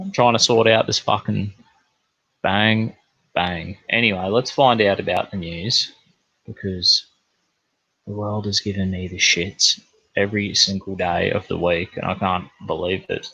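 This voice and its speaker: Sweary Australian bloke ranting forcefully. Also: male voice, low voice, steady tone, a little slow, gravelly, slightly rough, dry recording, lo-fi sound. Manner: rambling, sweary, blokey slang. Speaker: livestream news host. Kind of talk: crude comedic news rant.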